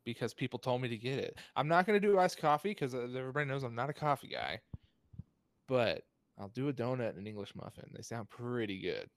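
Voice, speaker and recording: An upbeat man hosting a relaxed chat, cracking jokes and laughing along with his guests. His voice sits at an ordinary pitch and sounds dry and close, with no room around it. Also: fast talker, dry recording. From Texas. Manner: upbeat, jokey, laughs often. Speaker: host. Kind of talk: casual chat.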